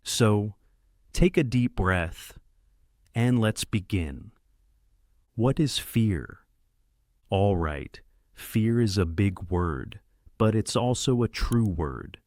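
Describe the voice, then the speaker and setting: A man hosting a podcast, giving a slow, clear, scripted English lesson to beginners in a deliberate, encouraging way that speaks straight to the listener. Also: lowish voice, animated, a little mellow, dry recording, clean studio sound. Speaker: podcast host and English teacher.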